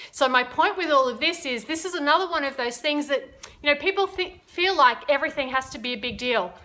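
A woman dog trainer talks her viewers through a lesson in a casual, chatty way, using everyday examples. Her voice sits a little high and sounds bright and forward, and her tone stays friendly and conversational. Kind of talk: casual instructional video.

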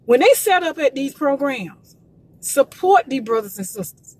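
A woman's voice: high-pitched, expressive, moderate pace. A woman promoting gospel music in a casual livestream, urging listeners with emphatic, repetitive preachy calls.

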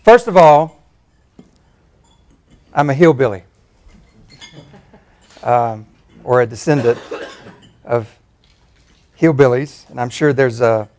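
A man in his fifties from Tennessee with a Southern accent, giving a relaxed, self-deprecating personal talk as a faculty speaker. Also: medium pitch, takes it slowly, pauses often. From Tennessee, USA. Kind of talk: personal talk at a campus forum.

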